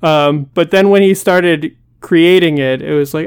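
A talkative co-host trading views in a relaxed podcast conversation, peppering sentences with fillers and small laughs. The voice sits in a middle pitch and is recorded close and dry. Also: unhurried, clean tone, no room sound. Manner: chatty, hedging with "like" and "um", laughs. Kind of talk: casual commentary chat.

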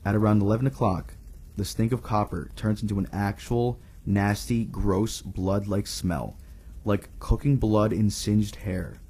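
A man with a lowish, husky voice tells a spooky campfire story on a podcast. He reads it aloud in a relaxed, profane, casual way. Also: measured pace. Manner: profane, laid-back. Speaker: podcast co-host telling a scary story.

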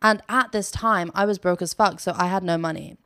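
A woman's voice: fairly low pitch, fairly even intonation, brisk, fairly bright tone, clear, resonant tone, dry recording, clean studio sound. A young British woman hosting a casual solo podcast, telling stories in a chatty, giggly way and swearing freely. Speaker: podcast host.

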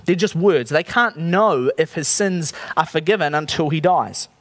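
A man delivering a sermon in a relaxed, conversational way, stopping often to put questions to his listeners. His voice sits a little high and swings widely in pitch. The sound is dry and close. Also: normal speed, no echo. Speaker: preacher. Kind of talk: sermon with a Bible reading.

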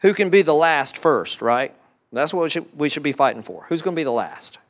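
Animated pastor preaching. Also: male voice, on the high side, fairly quick. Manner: animated, repeats words, voices excited quotes. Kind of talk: sermon.

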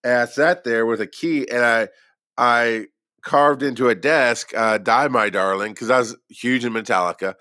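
A mid-range, moderately paced voice that sounds pushed and bright belongs to a former paramedic recounting his own story. He's casual, rambling, and self-deprecating with plenty of restarts, and the clean studio audio has no room sound.

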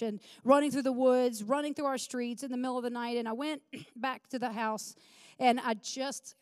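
A woman's voice: on the high side, steady tone, moderate pace, studio quality. A woman pastor in her forties preaching in a church, praying fervently and telling a personal story earnestly. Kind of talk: sermon with prayer and personal story. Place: church sanctuary. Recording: long reverb of a large hall.

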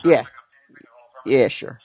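A man's voice: drawn-out words, a little mellow. Playful man hosting a guessing game. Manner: playful, teasing. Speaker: host running an impressions guessing game. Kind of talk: casual podcast banter.

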